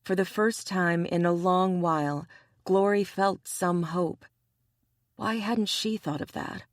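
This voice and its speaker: A woman narrating an audiobook romance in a measured, even reading style. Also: on the low side, dry recording, studio quality. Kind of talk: scripted narration.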